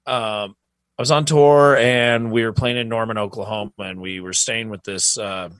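A man's voice: on the low side, fairly even intonation, normal speed, fairly bright tone, no echo. A young man co-hosting a podcast, telling a story in a laid-back, rambling way with lots of fillers. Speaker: podcast co-host. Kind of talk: casual storytelling chat.

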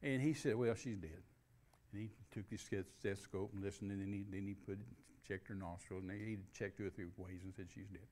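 A man's voice: on the low side, fairly even intonation, fast talker, darkish tone, a little hiss or hum. An older man, preaching and telling a story in a folksy way. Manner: folksy storytelling with restarts and laughs. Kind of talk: sermon storytelling.

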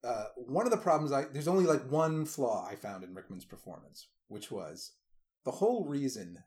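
A man co-hosting a casual movie chat, animated and slipping into mock voices when he quotes scenes. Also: mid-range voice, moderate pace. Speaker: podcast co-host.

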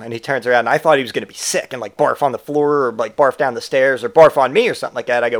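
A man's voice: medium pitch, fast. A young man telling a funny personal story in casual storytelling style, acting out his friend's lines. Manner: animated, acts out drunk friend's lines.

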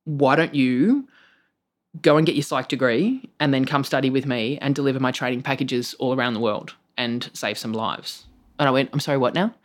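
Australian comic guest, animated storyteller, swears a lot, voice leaps high on quoted lines. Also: moderate pace. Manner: animated, swears freely, jumps into high-pitched acted quotes. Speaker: stand-up comedian, guest. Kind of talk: casual storytelling in conversation.

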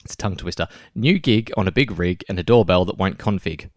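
A man with a low voice co-hosts a podcast at a brisk pace, chatting casually, laughing often and beginning sentences again. There's no echo, and the sound is studio quality.

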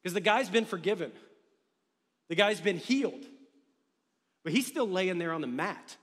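Male pastor, very high voice, lively chatty preaching, long hall reverb. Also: moderate pace, breathy edge. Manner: energetic conversational preaching with humor. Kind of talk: sermon.

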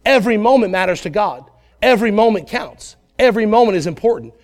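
A man in his thirties, a pastor preaching a lively Sunday sermon and acting out voices in his asides. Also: high voice, quick pace.

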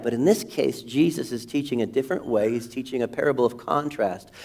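A man preaching a sermon as pastor, animated, asking rhetorical questions and shouting quoted lines for emphasis. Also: mid-range voice. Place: church sanctuary.

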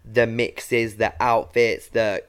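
A man's voice: medium pitch, flat delivery, slow, clean tone. A young man, a drag performer chatting as a podcast guest, gushing and slangy. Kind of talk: casual chat. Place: podcast studio.

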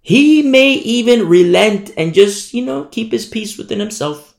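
A male preacher giving an animated sermon, acting out scenes as he goes. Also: high-pitched, unhurried, creaky.

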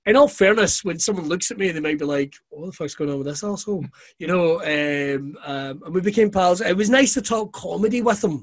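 A man's voice: sits high, a little fast. Profane man spinning yarns. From Scotland. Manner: profane, animated anecdotes with laughter. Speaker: guest. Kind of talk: casual storytelling.

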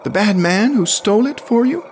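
A man voicing a clingy, tearful shape-shifting boy creature in a high pleading voice, for an audio story. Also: expressive, moderate pace, a little hiss or hum. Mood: fearful.

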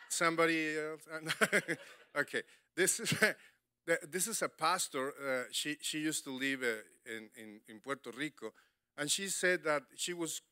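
Man, sermon, animated, broken English, slow delivery, dry sound. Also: medium pitch, smooth, no room sound. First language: Spanish. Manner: animated preaching, broken English, frequent laughs. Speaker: preacher.

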